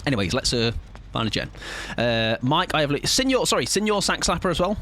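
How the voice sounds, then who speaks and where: A man's voice: medium pitch, big pitch swings, a little fast, a bit bright, slight background noise. A young man streaming a game live, chatting to viewers in a playful, rambling, jokey way. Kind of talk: casual live-stream chat while gaming.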